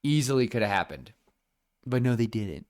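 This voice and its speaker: A man's voice: medium pitch, sing-song, normal speed, a little mellow. A young man co-hosting a podcast, chatting casually and eagerly, with lots of restarts and fillers. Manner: enthusiastic, rambling with many restarts and fillers. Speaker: podcast co-host. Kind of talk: casual chat.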